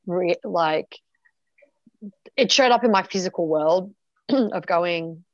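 A woman's voice: fairly low pitch, slow, no echo, muffled recording. A woman guest telling a personal story frankly, swearing freely and full of fillers and restarts. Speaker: podcast guest.

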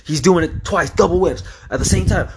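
A young man telling a casual, profane story, acting out the sounds with lively energy. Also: high-pitched, a little fast, slight background noise. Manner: animated, profane, acts out sounds.

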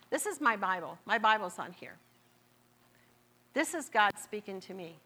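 Southern woman preacher, mid pitch, slow emphatic repeats, sermon delivery. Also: animated, sharp tone. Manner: repeats phrases, drawn-out emphatic words.

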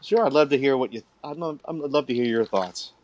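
A man hosts a podcast in relaxed, chatty talk, full of fillers and easy asides. The recording is dry and close, with no room sound. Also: mid-range voice, brisk, no room sound, dull audio. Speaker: podcast host. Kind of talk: casual chat.

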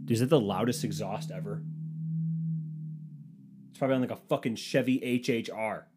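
A man's voice: medium pitch, moderate pace, a little mellow, a little hiss or hum. A man telling a comedic story in a casual, rambling way, sarcastic and full of swearing.

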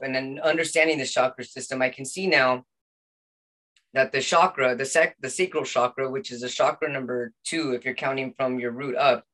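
A man's voice: mid-range voice, sharp tone. A middle-aged man, a podcast guest, telling his personal story in an earnest, heartfelt way, restarting his phrases often.

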